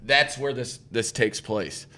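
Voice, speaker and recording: A man's voice: mid-range voice, slow pace, bright, forceful tone, a little hiss or hum. Profane, rambling male morning show host. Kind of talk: casual chat.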